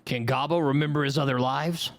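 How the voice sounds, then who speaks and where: A man's voice: medium pitch, fairly even intonation, fairly quick. A man playing in a tabletop game, blunt and teasing in casual banter. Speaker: player.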